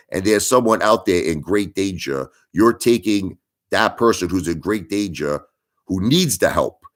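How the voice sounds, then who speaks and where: A deep-voiced middle-aged man hosting a livestream. He rants with indignation, circles back on his points and keeps pleading with his viewers to listen. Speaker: livestream host. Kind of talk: ranting livestream monologue.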